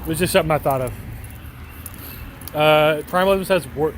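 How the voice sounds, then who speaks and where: A man's voice: a little high, moderate pace. A man live-streaming outdoors on a city street at night, answering viewers' messages in a rambling, joking way that often breaks into laughter. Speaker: IRL livestreamer. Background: faint traffic and street ambience.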